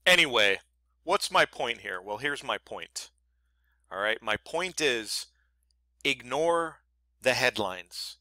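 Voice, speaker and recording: A man's voice: mid-range voice, lively intonation, slow, pauses often, pushed and bright, no echo. A man giving a screen-share trading tutorial in a blunt, profane, emphatic way, sounding annoyed and often asking "right?" to check that the viewer follows. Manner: keeps asking "right?" for agreement. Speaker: trading educator.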